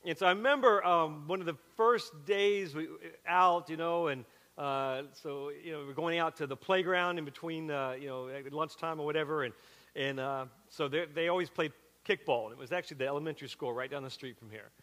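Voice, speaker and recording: High-voiced Southern pastor, bright and animated. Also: male voice, brisk. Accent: Southern with a Western Pennsylvania twist. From South Carolina. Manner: chatty, animated storytelling with frequent asides. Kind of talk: sermon with personal story. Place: church sanctuary. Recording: long hall reverb from a church sanctuary.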